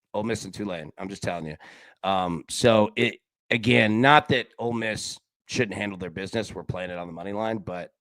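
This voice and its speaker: A man's voice: on the low side, fairly bright tone, no echo. A man hosting a live sports betting show, chatting casually with viewers and giving his picks, with slang and frequent restarts.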